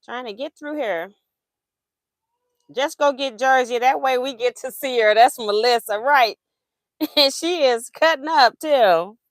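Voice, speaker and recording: A woman's voice: high voice, unhurried, no echo, studio quality. A woman hosting a casual live stream from her home craft room, reading out viewer comments and laughing often. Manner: soothing a crying baby in sing-song coos. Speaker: livestream host.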